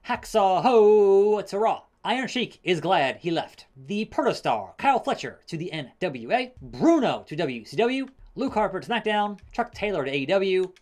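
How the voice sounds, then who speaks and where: A man with a fairly high voice, talking through his own gameplay in a relaxed, sarcastic play-by-play. He swings between deadpan grumbling and quick bursts of excitement as the action unfolds. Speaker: gaming channel host. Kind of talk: casual gameplay commentary.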